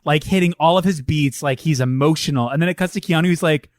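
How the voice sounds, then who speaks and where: A man's voice: a little high, quick pace, dry recording, clean studio sound. A man co-hosting a casual film podcast, enthusiastic and acting out scenes as he retells them. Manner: enthusiastic, acts out characters while telling. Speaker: podcast co-host.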